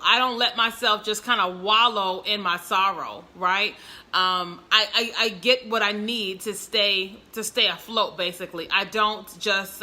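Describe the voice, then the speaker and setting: A woman chatting casually to viewers from home on a livestream, expressive, with frequent laughs. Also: on the high side. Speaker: entrepreneur livestreaming to followers.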